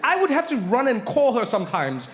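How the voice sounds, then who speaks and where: A man doing stand-up comedy on stage, an animated storyteller who acts out voices. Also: extremely high pitch, a little fast. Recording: live hall reverb, faint noise.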